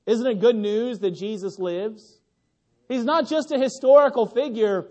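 A young adult male pastor preaching a sermon, swinging from loud exclamations to hushed, tender passages. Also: extremely high pitch, unhurried.

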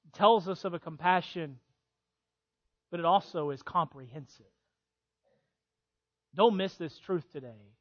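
High-pitched preacher guy, goes soft then really loud, kinda muffled dry sound. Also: unhurried, long pauses. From Illinois, USA. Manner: swings from hushed to loud emphatic preaching. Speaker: pastor. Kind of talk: sermon.

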